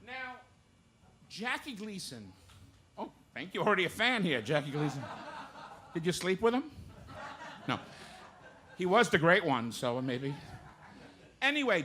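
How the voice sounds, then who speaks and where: A man's voice: high-pitched, big pitch swings, a little slow, long pauses, sharp tone. A male impressionist bantering playfully on a small cabaret stage, with joking asides. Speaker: impressionist performer. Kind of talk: live stand-up banter. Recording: live club with faint room noise.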